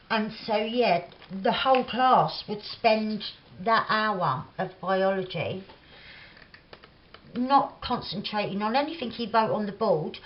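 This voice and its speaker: A woman with a Cockney accent talks slowly and loosely while she works on a craft at her kitchen table, filling her sentences with "like". The sound is a little dull, with a faint hiss behind her. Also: medium pitch. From England. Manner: rambling and chatty, lots of "like" fillers, laughs often. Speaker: craft vlogger. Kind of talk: chatty crafting vlog, reminiscing while working.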